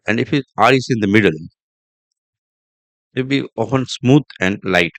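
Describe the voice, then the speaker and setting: Deep-voiced man teaching pronunciation. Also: a bit bright, no room sound. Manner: slow, repeats example words aloud. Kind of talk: podcast accent lesson.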